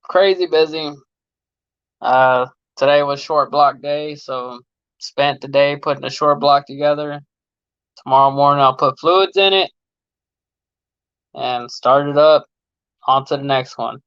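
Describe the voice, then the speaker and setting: A laid-back man in his late thirties chats with his livestream viewers in easygoing slang, his voice sitting a little high for a man. He laughs often. The phone mic gives a dull, dry, close sound. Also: steady tone, unhurried, pauses often, smooth, no room sound. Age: late 30s. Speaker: livestream host and mechanic. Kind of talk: casual livestream chat reading viewer comments.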